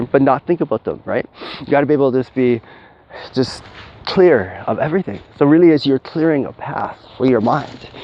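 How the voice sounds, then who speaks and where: Rambling man with lo-fi sound. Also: mid-range voice. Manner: rambling, swears, acts out quoted people. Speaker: spiritual advice speaker. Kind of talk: casual rambling monologue. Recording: dull lo-fi audio with faint hiss.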